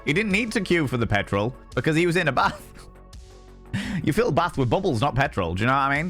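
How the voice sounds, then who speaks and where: Chatty, cussing streamer. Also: male voice, mid-range voice, sing-song, fast talker, soft background music. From Yorkshire, England. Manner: chatty and swearing, greets viewers warmly by name. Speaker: livestream host. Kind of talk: casual live-stream chat.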